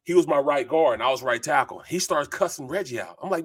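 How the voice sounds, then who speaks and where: A middle-aged man, a former football lineman co-hosting a sports talk show, telling animated, rambling stories full of fillers. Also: a little high, fast, few pauses, breathy edge.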